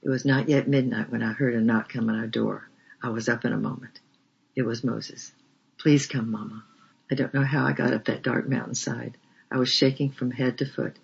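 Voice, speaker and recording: A man narrating a memoir as an audiobook reader, with a measured, flat delivery. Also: mid-range voice, creaky, husky. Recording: dull lo-fi recording.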